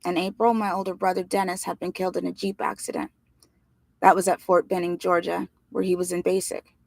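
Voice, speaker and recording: A woman reading a novel aloud in plain, steady first-person narration. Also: lowish voice, vocal fry, dry recording. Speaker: reader.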